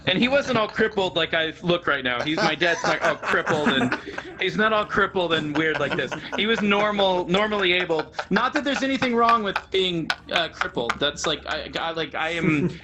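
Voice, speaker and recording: A man in his thirties telling stories in casual chat, animated and rambling, laughing often. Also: on the high side, normal speed, background noise. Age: 30s. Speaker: guest.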